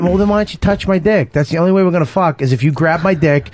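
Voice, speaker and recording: A man's voice: on the high side, quick pace, darkish tone, slight background noise. A man co-hosting a radio show, ranting in crude, profane banter.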